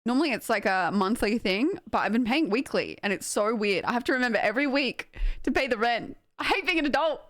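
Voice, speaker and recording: A woman's voice: a little high, no room sound. Chatty Australian woman, dry close sound. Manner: rambling, chatty, self-mocking, quick to laugh; animated, full of filler likes. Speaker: game streamer. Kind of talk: casual stream chat.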